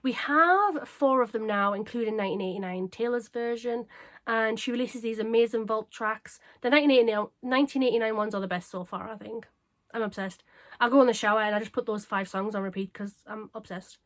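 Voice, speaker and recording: A woman chatting casually to camera as a craft vlogger, bubbly and self-mocking, her voice a little croaky. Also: on the high side, fairly quick. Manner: bubbly, excitable and self-deprecating. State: slightly croaky.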